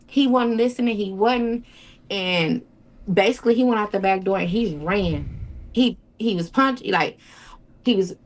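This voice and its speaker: Speaking a little slowly in a mid-range voice, a young interviewee relives a hard personal experience. Her telling is tumbling and repetitive, full of restarts, and she voices the people she quotes.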